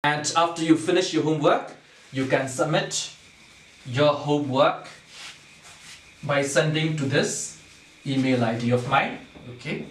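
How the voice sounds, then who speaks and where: A man's voice: fairly high pitch, measured pace, pauses often. A male teacher giving a lesson, who asks the class questions, answers them himself and keeps adding "right?" and "okay?". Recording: echoey room, far from the mic.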